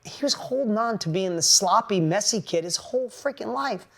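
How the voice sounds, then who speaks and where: A man giving a blunt, energetic motivational talk to an audience as a business coach, casual and swearing freely. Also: sits high, moderate pace, creaky.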